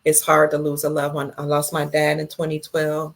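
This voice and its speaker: Woman, low voice, middle-aged, casual livestream host, reads comments aloud, slow and tender replies. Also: monotone.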